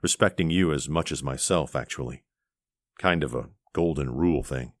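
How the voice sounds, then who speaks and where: A man voicing an earnest young man, speaking low and restrained in a romance audiobook. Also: normal speed, no echo, clean studio sound. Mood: tender. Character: tender earnest young man, gentle suitor.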